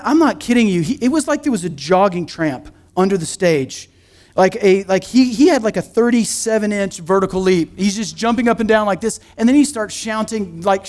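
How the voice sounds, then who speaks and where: A middle-aged man, a pastor, preaching a sermon in a church in a conversational, joking way with quick asides. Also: sits high. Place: church sanctuary.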